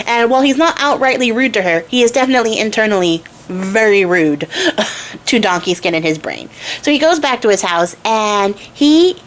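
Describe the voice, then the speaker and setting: A woman's voice: medium pitch, lively intonation, fairly quick. A young woman hosting a craft channel, retelling a fairy tale in a chatty, slangy, irreverent way. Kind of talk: casual storytelling.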